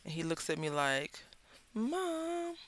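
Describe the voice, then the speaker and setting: A Southern-accented woman hosts a craft video from her table and chats her way through the work in a loose, rambling storytelling style. Her voice has a gravelly, fry-edged texture and a bright, forceful tone. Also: low voice, normal speed, no room sound. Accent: Southern American. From Southern United States. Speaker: craft channel host. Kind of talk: casual chat while crafting.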